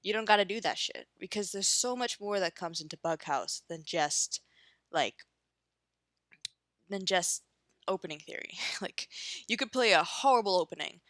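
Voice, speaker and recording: Ranting young woman with a bright voice. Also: lowish voice, lively intonation, moderate pace, no room sound, studio quality. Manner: ranting, swears casually, lots of fillers. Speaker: chess streamer. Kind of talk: casual commentary while playing online chess.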